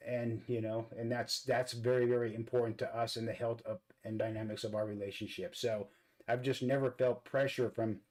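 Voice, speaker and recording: A man's voice: medium pitch, a little mellow, low-quality recording. A man hosting a casual vlog. He talks earnestly while he does his makeup, and he often repeats words as he searches for them. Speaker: vlog host.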